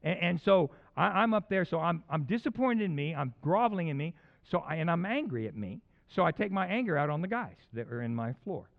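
Animated male preacher, muffled recording. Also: on the high side, a little fast, creaky, hardly any pauses. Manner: animated, swings from loud bursts to hushed asides. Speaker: pastor. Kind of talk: sermon storytelling.

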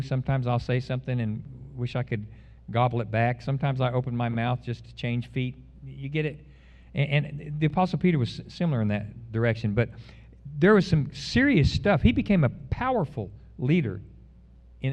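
A man's voice: mid-range voice, a little mellow, dull audio. Folksy middle-aged man preaching. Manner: folksy, self-deprecating, repeats words when starting. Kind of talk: sermon.

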